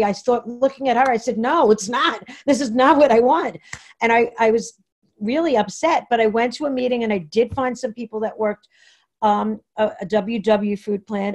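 A woman from Long Island telling her own recovery story at an online meeting, halting and rambling with many fillers and restarts. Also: fairly high pitch, darkish tone. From New York, Long Island. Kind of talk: personal share at a Zoom meeting. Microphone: computer mic on a video call.

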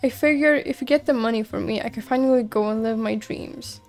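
A woman's voice: a little high, brisk, darkish tone, soft background music, lightly acted. A woman reading the lines of a cheerful, pushy female frog singer in a game, in a chirpy, matter-of-fact way. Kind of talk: reading game dialogue aloud.

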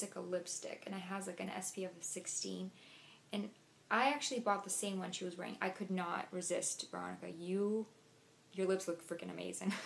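Chatty woman with a gravelly edge. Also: mid-range voice, slight background noise. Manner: chatty, filler-heavy. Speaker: vlogger. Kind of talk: casual haul chat.

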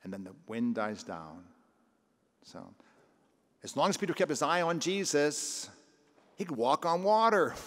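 Older priest giving a sunday sermon, chatty, voice ringing around a big church. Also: male voice, medium pitch, fairly bright tone. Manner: conversational preaching, acting out scripture voices. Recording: long church reverb.

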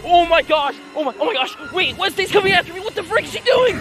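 A reaction video host giving excited commentary, shouting and gasping often. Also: very high-pitched, normal speed. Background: background music.

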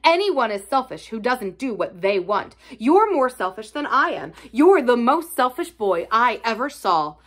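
A woman reading aloud as a stubborn, sour-tempered young girl who speaks in a sharp, obstinate way. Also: a little high, sing-song, a little slow, hardly any pauses. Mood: scornful. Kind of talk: storybook read-aloud.

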